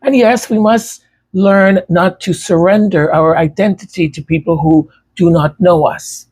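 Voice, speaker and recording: This man's high-pitched voice is steady, unhurried, darkish and husky as he chats with his supporters about his music. He's tongue-tied and stutters, so words get repeated and certain sounds give him difficulty.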